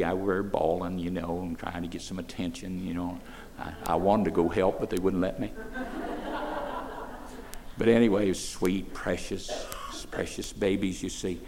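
An older man, preaching to children, moving between soft, folksy asides and loud, emphatic declarations. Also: low-pitched, slight background noise. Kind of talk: sermon to children.

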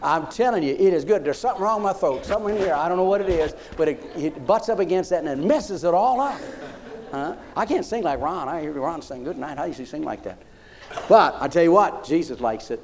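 This sermon comes from a man with a high-sitting male voice and sweeping pitch changes, delivered in a lively, folksy way. He keeps turning to the congregation to check in, and his pace runs a little fast.

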